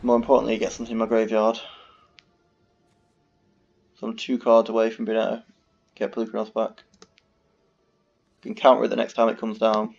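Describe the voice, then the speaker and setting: A gaming video host casually commentates on his own card game, muttering, swearing and ranting in exasperation when things annoy him. His voice is fairly low, monotone and creaky with a darkish tone, moving at a moderate pace with frequent pauses. The recording is dull and lo-fi.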